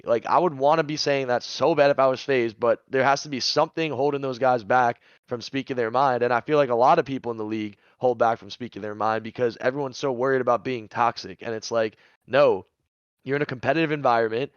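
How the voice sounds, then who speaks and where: A man's voice: mid-range voice, fairly even intonation, fast talker, smooth, no room sound, lo-fi sound. A man co-hosting a podcast, ranting bluntly and heatedly with plenty of swearing. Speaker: podcast co-host, esports pundit. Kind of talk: casual podcast chat.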